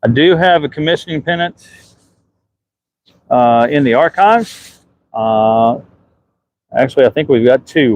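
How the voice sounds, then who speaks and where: A man's voice: mid-range voice, highs cut off. Southern guy live streaming from a ship deck on his phone, chatty, answering comments. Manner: casual, answers viewer comments. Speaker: ship superintendent.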